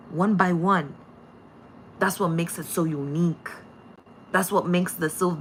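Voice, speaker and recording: Bright-voiced woman giving a rambling spiritual message. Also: on the low side, slight background noise. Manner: rambling, repetitive, laughs often, swears. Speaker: spiritual channel reader. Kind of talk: casual spiritual message to viewers.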